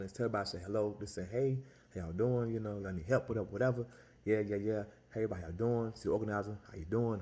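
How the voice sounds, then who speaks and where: Exasperated man telling a story. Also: sits low. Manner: animated, exasperated, lots of restarts and repetition. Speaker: Italian ice vendor. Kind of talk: casual storytelling rant.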